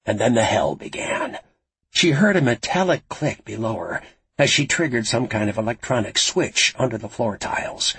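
A man narrating a thriller audiobook in a dramatic, expressive storytelling manner. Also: on the low side, slightly rough, no echo.

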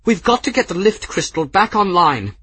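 A man voicing a quick, sharp young female airship engineer who speaks in an urgent, raised manner. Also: fairly high pitch, huge pitch swings, husky, pitched above the performer's own voice, full character voice.

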